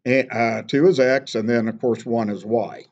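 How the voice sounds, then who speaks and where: A man's voice: mid-range voice, steady tone, moderate pace, a little mellow, dull audio. A man teaching a math class, patiently walking through steps and checking in with "okay?". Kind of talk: classroom lecture.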